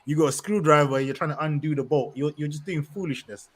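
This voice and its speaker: A man's voice: a little high, fast talker. A young man co-hosting a football podcast, ranting in slang, laughing often and talking at length. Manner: animated, laughing, street slang, rants at length. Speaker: podcast co-host. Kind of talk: casual football podcast rant.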